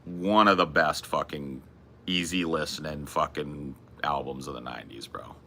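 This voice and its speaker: A man's voice: extremely low pitch, normal speed, vocal fry, sharp tone, a little hiss or hum. A man from California, chatting casually and profanely, laughing often. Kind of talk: casual chat with chat.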